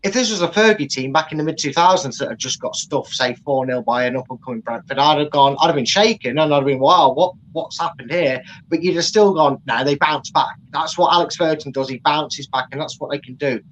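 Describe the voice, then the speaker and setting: A man, co-hosting a casual football chat and giving rambling, animated opinions. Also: fairly high pitch, fast, few pauses, a little hiss or hum, rough recording. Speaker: co-host.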